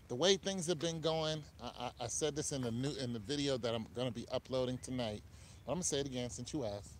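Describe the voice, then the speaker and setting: A talkative man runs his live stream in a loose, offhand way, his pitch sitting right in the middle. A faint hiss of noise runs behind him. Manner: talkative, animated, quick asides and laughs. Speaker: online show host. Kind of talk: casual live-stream chat.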